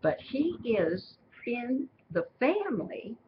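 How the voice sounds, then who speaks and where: Woman teaching bible study, slow and careful, muffled recording with steady hiss behind. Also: a little high. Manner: slow, explanatory, repeating key phrases.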